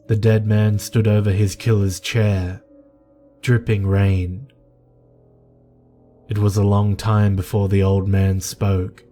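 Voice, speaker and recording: Brief: low-voiced male horror narrator, very slow and measured, soft music under. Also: level tone. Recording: narration over faint music.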